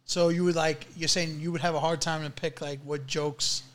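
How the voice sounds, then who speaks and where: Easygoing podcast host, slightly high voice. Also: male voice, level tone, moderate pace, a bit bright. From Brooklyn, New York. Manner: easygoing, joking, asks loose questions. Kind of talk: casual podcast interview.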